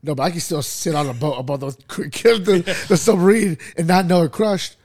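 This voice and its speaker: A man hosting a podcast, chatting casually with friends, animated and swearing, laughing at his own jokes. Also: on the high side, moderate pace, no echo, studio quality. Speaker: podcast host. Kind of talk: casual chat.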